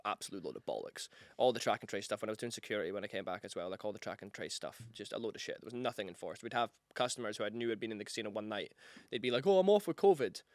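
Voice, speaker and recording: A man chatting as a podcast guest, an energetic, rambling storyteller who swears freely and acts out other people's lines. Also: on the low side, racing, dry recording, clean studio sound. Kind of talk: casual chat.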